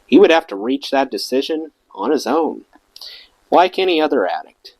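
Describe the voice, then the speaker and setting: Lively male audiobook reader, dry sound. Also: on the high side, moderate pace, dry recording, low-quality recording. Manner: expressive reading, acts out quoted lines. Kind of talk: reading a memoir aloud.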